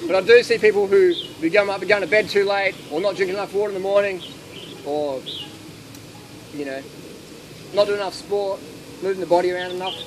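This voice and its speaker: A man giving blunt, animated answers and stories to an audience in a casual Q&A at an outdoor gathering. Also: high-pitched, brisk, pauses often. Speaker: speaker answering audience questions. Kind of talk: casual Q&A talk with anecdotes. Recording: noisy outdoor ambience with traffic.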